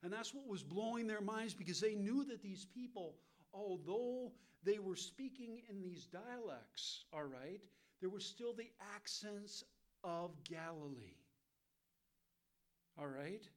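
A man's voice: high-pitched, lively intonation, takes it slowly. An American man teaching verse by verse from the Bible, asking his listeners questions and answering them himself, with frequent "okay?" checks. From United States. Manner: keeps checking in with "okay?" and "all right?".

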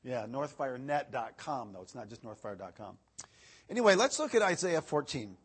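A man's voice: mid-range voice, sing-song, moderate pace, breathy edge. A man preaching a casual, filler-filled sermon, reading scripture aloud with rising emphasis. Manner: chatty, filler-heavy, rises loud when reading verses. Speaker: evangelist preacher.

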